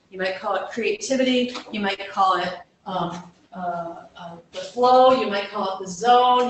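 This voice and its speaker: Her pitch is fairly high and a bit bright, and she's well away from the microphone. The speaker, a female counselor, gives a relaxed, self-mocking workshop talk full of restarts and check-in questions to the audience. The room is very reverberant, and a faint hum sits underneath.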